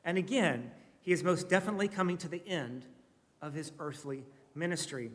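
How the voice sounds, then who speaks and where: A man's voice: on the high side, brisk. A man preaching a sermon in a conversational, reflective way, now and then asking his listeners a question. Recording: reverberant hall.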